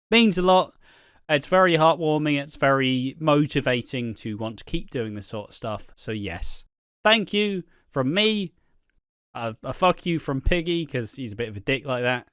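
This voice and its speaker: A man's voice: fairly high pitch, animated, moderate pace, a bit bright, smooth, no room sound, studio quality. A young man hosting a podcast in casual, sweary, laid-back chat. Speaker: podcast host.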